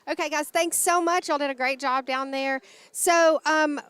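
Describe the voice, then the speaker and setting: A woman's voice: high voice, steady tone, moderate pace, a bit bright, no room sound. A woman, announcing for a livestream sports broadcast and reading out lists of names in a chatty way.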